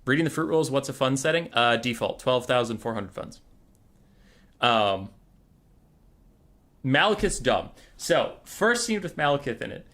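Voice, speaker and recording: A man's voice: medium pitch, lively intonation, normal speed, long pauses, fairly bright tone. A man hosting a casual livestream who talks in a profane, rambling way and retells stories with animation. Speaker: streamer and tournament host.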